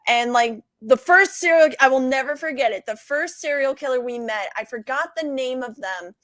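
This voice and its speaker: A woman, a podcast guest, telling stories in a casual, animated way, swearing freely and laughing between lines. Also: high voice, moderate pace, no room sound. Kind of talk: casual storytelling.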